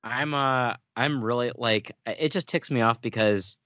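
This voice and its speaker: A man on a podcast panel, talking in a halting way with many restarts. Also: medium pitch, a bit bright, no room sound. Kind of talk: casual podcast chat. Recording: dry, dull lo-fi mic.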